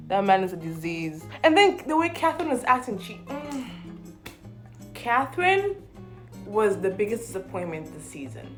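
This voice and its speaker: A young woman giving casual, animated commentary on a reality show, swearing freely and acting out the people she talks about. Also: mid-range voice, fairly quick, soft background music. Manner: animated, quotes people in put-on voices, swears. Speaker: vlogger.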